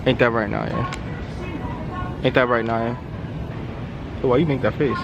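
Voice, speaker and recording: A man's voice: medium pitch, fairly even intonation, measured pace, vocal fry, dull audio, music in the background. A man vlogging on a trip, talking in loose, hyped slang-heavy banter. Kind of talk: casual vlog chat. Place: outdoors on a trip, street and ferry. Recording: loud outdoor noise.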